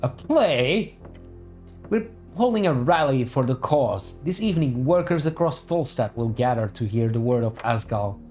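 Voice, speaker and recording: A man voicing a proud, short-tempered male dwarf foreman who talks slowly and with indignation. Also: mid-range voice, lively intonation, darkish tone, soft background music, natural voice. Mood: defiant. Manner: indignant, drawn-out and raised.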